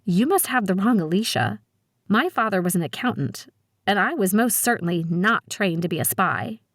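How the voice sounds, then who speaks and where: A woman's voice: medium pitch, expressive, moderate pace, no echo, clean studio sound. A woman voicing a guarded, sarcastic seventeen-year-old girl in an audiobook. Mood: wary. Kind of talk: audiobook character voice.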